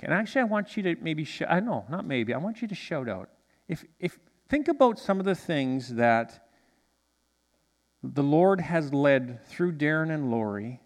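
A male pastor preaching a sermon in a church, animated and drawing responses from the congregation. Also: on the high side, in a large hall. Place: church sanctuary.

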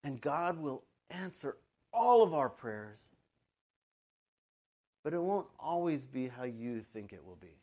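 A male pastor preaching a sermon in a relaxed, conversational way, dropping into quick quoted asides. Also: medium pitch. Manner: conversational, plays God and a child in quoted asides.

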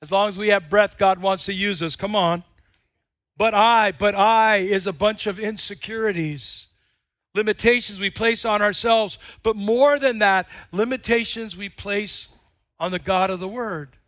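A male pastor preaching a sermon with lots of repetition, swinging between loud passages and hushed ones. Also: sits high, moderate pace, no room sound, clean studio sound.

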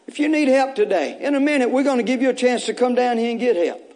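A fast-talking pastor with a very high, slightly mellow voice delivers an Easter sermon. Repeated phrases drive the congregation on, joking asides break in casually, and his exhorting style jumps at times to greater intensity.

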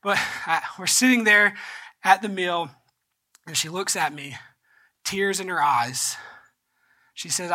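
A male pastor delivers a sermon with a bright, ringing tone. He tells a personal story, often dropping to a soft, choked-up voice before rising into earnest exhortation. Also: high-pitched, slow, long pauses.

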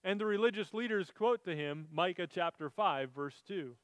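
Pastor, male, high voice, earnest sermon delivery, dry close sound. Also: animated, moderate pace, fairly bright tone, dry recording. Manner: earnest, reads scripture aloud then explains it.

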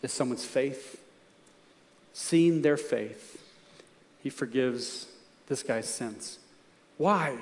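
A man's voice: medium pitch, drawn-out words, long pauses. Male pastor mid-sermon, earnest storyteller, voice ringing through a big hall. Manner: storytelling, earnest, emphatic questions to the congregation.

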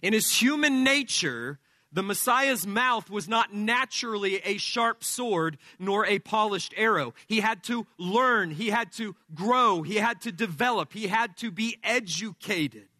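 A male pastor preaching an expository sermon, explaining scripture verse by verse in a deliberate teaching manner. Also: high voice, lively intonation, pushed and bright, no echo, studio quality.

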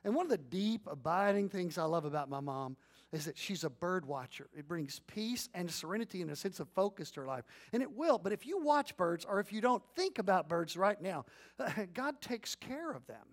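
A middle-aged pastor with a notably high male voice delivers an animated sermon. He acts out little scenes in storytelling bursts, then slows down to lead his congregation in reading aloud together. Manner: leads congregation in responsive reading.

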